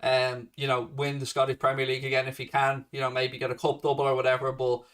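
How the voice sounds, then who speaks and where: A man's voice: mid-range voice, completely flat delivery, fast, a bit bright, recorded from a distance. Swearing man ranting on a livestream. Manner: swears a lot, confrontational rant at a commenter. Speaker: livestream host. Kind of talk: casual fan livestream chat.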